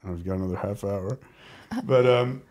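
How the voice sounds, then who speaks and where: A man speaking as a podcast guest, telling candid personal stories in an animated, rambling way, often restarting his sentences. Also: lowish voice, moderate pace. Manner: animated, rambling, self-interrupting. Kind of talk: candid conversational storytelling.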